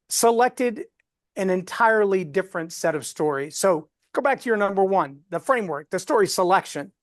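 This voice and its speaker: A man coaching a live webinar on storytelling, folksy and animated as he walks through examples. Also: high voice, no room sound, clean studio sound.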